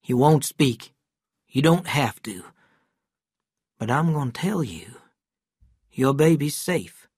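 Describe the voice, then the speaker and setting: A reader voicing a stern but kindly male country doctor, firm at times and hushed at others, in a storybook reading. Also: mid-range voice, slightly rough, no room sound, studio quality.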